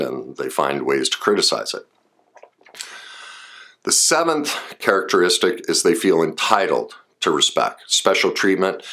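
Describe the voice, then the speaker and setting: A man's voice: low-pitched, a bit bright. A man explaining relationship warning signs in a casual, personal way, full of asides and restarts. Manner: conversational, personal asides, frequent fillers and restarts. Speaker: relationship and trauma speaker. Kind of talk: casual explanatory talk to camera.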